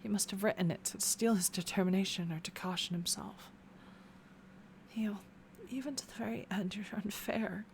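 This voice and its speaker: A woman reading a young game heroine's thoughts in a hushed, half-whispered voice. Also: mid-range voice, normal speed, slight background noise, close to an everyday voice. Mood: wistful. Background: game music.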